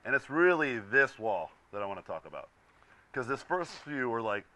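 A man's voice: medium pitch, fairly quick. A young man, a visiting concept artist, casually talking to students while sketching, telling a story and acting out the people in it. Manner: storytelling, animated, acts out quoted people. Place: classroom.

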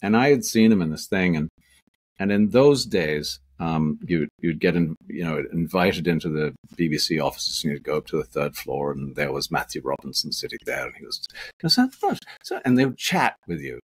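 A deep-voiced Canadian man with a husky edge talks at length as an interview guest. He rambles from one anecdote to the next, restarting sentences and leaning on fillers. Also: animated, normal speed. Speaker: actor guest. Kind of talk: casual interview storytelling.

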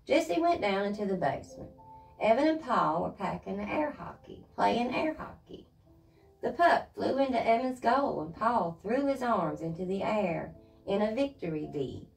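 A woman reads a children's chapter book aloud. Her voice has a gravelly edge and moves a lot in pitch. She sits a little away from the microphone. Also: far from the mic, low-quality recording. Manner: lively expressive reading. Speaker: reader.

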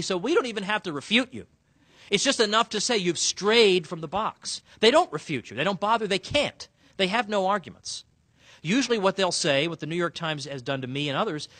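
A man giving a lively, sarcastic public speech to a room of officials, punching key words with emphasis. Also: on the high side, no room sound. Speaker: speaker addressing sheriffs. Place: conference room.

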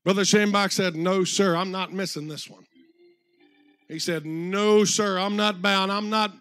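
A preacher tells a story from the pulpit in a high voice. The sound is dry and close. He quotes the people in his story at length, slowing down and rising in force on the key words. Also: fairly bright tone, no room sound, soft background music. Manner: retells a story with many quotes, slows and swells for emphasis. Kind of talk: sermon storytelling. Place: church.

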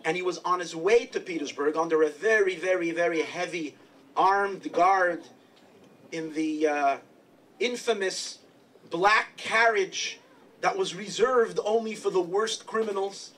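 High-voiced rabbi telling stories from afar. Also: male voice, a little slow, a bit bright, recorded from a distance, rough recording. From New York. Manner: chatty, humorous storyteller. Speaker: rabbi and lecturer. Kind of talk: storytelling Hasidic lecture. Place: lecture hall at a congress.

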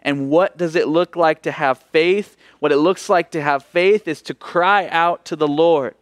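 A man preaching a sermon as pastor, expressive, moving between emphatic lines and hushed ones. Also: fairly high pitch, a little slow, hardly any pauses, no echo, studio quality.

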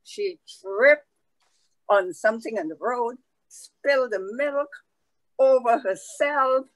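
A woman telling a folk tale aloud in a slow, conversational way, with asides to her listeners. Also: fairly high pitch, animated, no echo, rough recording. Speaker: storyteller. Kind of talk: oral folk storytelling.

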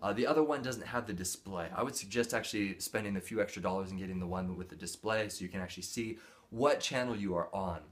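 A man's voice: fairly low pitch, fast. A man hosting a casual product review demo, chatty and playful with mock-formal jokes. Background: music from the speaker.

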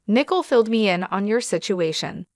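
Woman doing a tough no-nonsense PI guy, measured, dry close voice. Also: medium pitch, lively intonation, dry recording, natural voice. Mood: confident. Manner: measured, quietly menacing. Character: rugged, no-nonsense male private investigator, confident.

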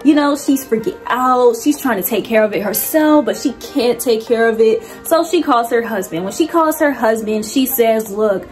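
Young woman ranting thru a movie plot, super expressive, kinda high pitched, soft music under. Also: moderate pace, hardly any pauses. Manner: animated and slangy, with lively swoops in pitch. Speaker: movie reviewer. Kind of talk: casual movie plot recap.

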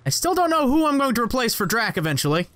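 Young guy doing gameplay commentary, high bright voice that bounces all over, sarcastic and a bit sweary. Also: fast. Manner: excitable and sarcastic, swears, talks to the game. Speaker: let's play gamer.

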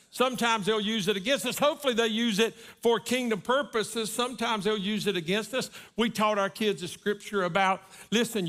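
A middle-aged man, a guest preacher at a church service, delivers a sermon full of personal stories. His voice sits high and a bit bright, and his folksy storytelling is peppered with frequent "right?" check-ins.

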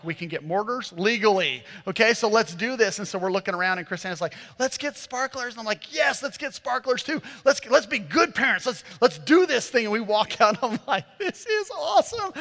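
A man's voice: sits high, bright, forceful tone. A man in his thirties preaching a sermon as a pastor, telling a comic family story with self-mocking asides and acted-out voices. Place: church auditorium. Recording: long reverb of a large hall.

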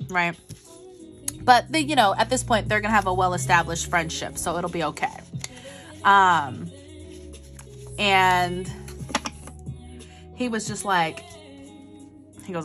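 A woman vlogger telling a rambling, animated story in casual chat, full of asides. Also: on the low side, unhurried, long pauses, soft background music. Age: adult with a child.

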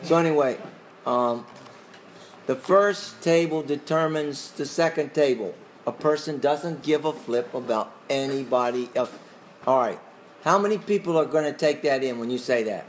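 A man's voice: mid-range voice, moderate pace, slight background noise. A man teaching a Bible class who questions his listeners in a conversational way and chuckles often.

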